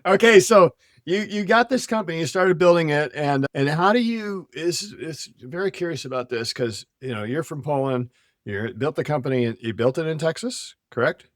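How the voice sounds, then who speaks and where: A man's voice: fairly high pitch, animated, moderate pace, no room sound, clean studio sound. A man hosting a business podcast, talking casually in long run-on sentences and joking with his guest. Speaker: podcast host.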